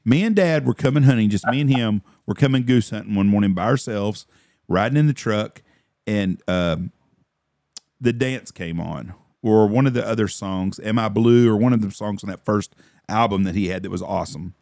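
A man, a podcast host telling a profane, animated story in casual chat. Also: on the low side, normal speed, creaky, no echo, studio quality. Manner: profane, animated storyteller who acts out quotes.

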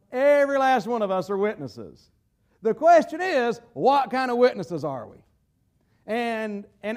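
A man with a Southern US accent preaching a sermon in a folksy way, often repeating words as he searches for the phrasing. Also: very high-pitched. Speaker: pastor.

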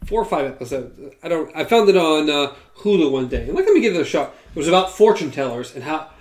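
Easygoing voice in casual chat, mid pitch. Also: sing-song, fast, a little mellow.

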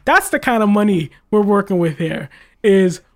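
A man's voice: high voice, lively intonation, normal speed. A young man who works school tech support, chatting casually and telling exasperated stories about callers. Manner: exasperated storytelling, quotes callers in mocking voices. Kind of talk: casual podcast chat.

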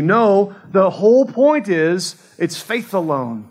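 A man in his forties with a notably high voice preaches a sermon in a conversational way. He is earnest and often restarts his phrases mid-sentence, as if working through them aloud. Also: sing-song, takes it slowly, few pauses, darkish tone. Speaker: pastor.

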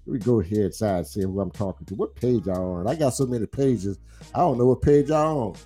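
A man's voice: on the low side, fairly quick, dark tone, husky, faint music behind. A middle-aged man, teasing his viewers in boisterous, laughing trash talk on a live stream. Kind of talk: casual live-stream banter.

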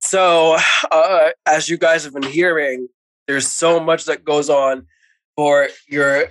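Animated, opinionated man hosting a podcast. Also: a little high, takes it slowly, poor audio. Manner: animated, opinionated, repeats himself. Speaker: podcast host. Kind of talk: casual chat.

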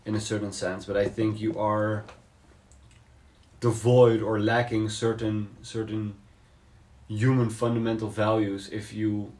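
A man with a fairly low voice explains his ideas slowly in a casual podcast debate. He pauses often, reaches for words, and restarts his sentences as he thinks aloud. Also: little pitch movement, a little mellow. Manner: thoughtful, hesitant, many fillers and restarts. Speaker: podcast co-host.

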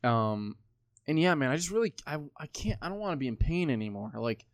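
A man's voice: on the high side, big pitch swings, fast, no echo, studio quality. A man in his twenties talking casually, rambling with lots of swearing and filler words. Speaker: podcast co-host. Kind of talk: casual chat.

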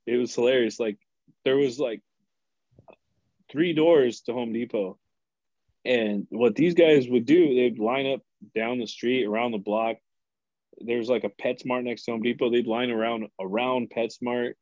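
On a casual podcast, a guest spins stories from his old retail job, doing the voices of the people involved and swearing freely. His voice is medium-pitched and unhurried, recorded lo-fi with no echo.

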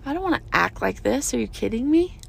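A woman's voice: fairly high pitch, very animated, fast, creaky, slightly rough. A woman in her thirties hosting a casual monologue, earnest and emphatic, repeating short phrases. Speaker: podcast host.

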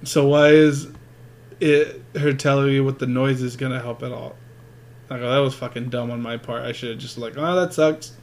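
A man in loose, crude conversation, spinning everyday stories with a steady mid-range voice. He swears nearly every sentence and trips over his own restarts as he goes. His tone stays plain and unpolished. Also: mid-range voice, moderate pace. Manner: profane, rambling, restarts a lot. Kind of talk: crude casual storytelling chat.

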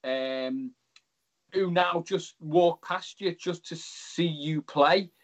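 A man's voice: on the high side, takes it slowly. A man hosting an interview, asking friendly, rambling questions. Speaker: host. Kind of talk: casual interview chat.

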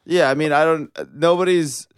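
A man's voice: on the high side, fairly even intonation, normal speed, smooth, no echo, clean studio sound. Joking man asking questions. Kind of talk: casual chat.

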